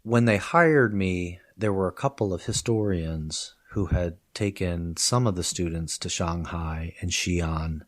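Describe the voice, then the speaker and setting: A man's voice: low-pitched, unhurried, few pauses. A man, a professor of Chinese, telling stories in a conversational podcast interview, laughing often and acting out the people he quotes. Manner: lively storytelling, quotes people in put-on voices; laughs often while talking.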